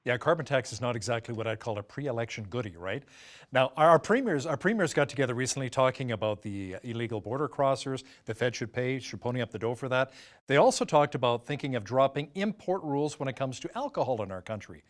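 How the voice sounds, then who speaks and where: Brisk male news anchor. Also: medium pitch, animated. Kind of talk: news interview hosting.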